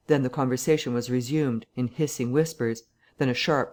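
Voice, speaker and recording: Reading from a classic novel, this narrator keeps a moderate pace and a mid-range voice. The storytelling stays steady and even throughout.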